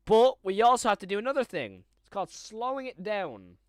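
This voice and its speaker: Young man, live stream commentary, fairly high voice, rambling and excitable, dry close sound. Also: brisk, no echo. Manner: chatty, rambling, easily excited.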